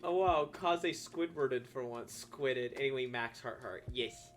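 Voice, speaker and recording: A man's voice: mid-range voice, unhurried, soft background music. A man streaming live while drawing, chatting casually and answering his chat with jokes and asides.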